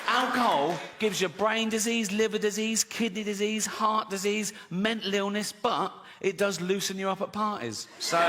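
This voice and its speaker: A man doing stand-up comedy, telling chatty stories and chuckling at his own jokes. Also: sits high. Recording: long hall reverb, faint noise.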